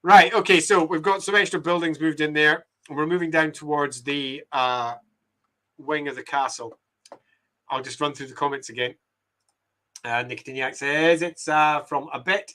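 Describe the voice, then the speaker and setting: Bright-voiced chatty Scottish man. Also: fairly high pitch. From Scotland. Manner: chatty and self-deprecating, laughs often. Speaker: game writer and streamer. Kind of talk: casual talk while mapping, reading viewer comments.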